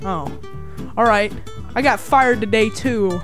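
YouTuber doing a brash cartoon cat, fast rambling tough talk, swearing, music underneath. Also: mid-range voice, close to an everyday voice. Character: brash street-talking male cat.

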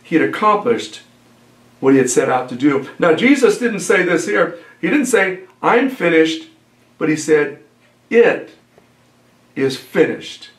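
A male pastor giving an earnest, unhurried sermon, often pausing with fillers and repeating phrases. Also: on the high side, expressive, echoey room.

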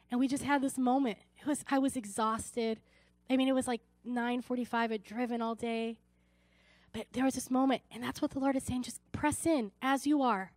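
Woman pastor, sermon; earnest, storytelling delivery, slightly high pitch, dry close sound. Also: no room sound. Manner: earnest, personal storytelling with many restarts. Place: church service.

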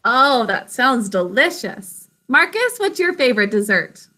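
A woman teaching young children a phonics lesson, patient and encouraging as she sounds out words slowly. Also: on the high side, very animated, bright, forceful tone.

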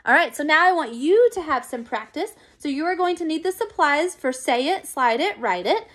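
A woman teacher giving a recorded phonics lesson to young children, encouraging and clear. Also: high voice, expressive, a bit bright. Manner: slow, clear, encouraging classroom pacing.

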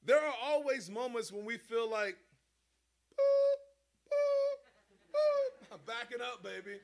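A man preaching an animated sermon, with rhetorical questions and playful sound effects. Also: extremely high pitch, moderate pace, vocal fry.

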